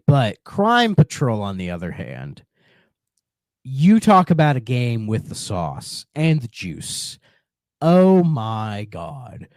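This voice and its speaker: A man's voice: mid-range voice, darkish tone, no echo, studio quality. A man co-hosting a podcast in casual chat, rambling with many restarts and fillers. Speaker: podcast co-host.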